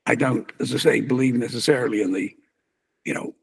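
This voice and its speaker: An older man, a magazine publisher and interview guest, musing in an animated, conversational way and chuckling as he talks. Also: medium pitch, fairly quick, creaky, breathy edge.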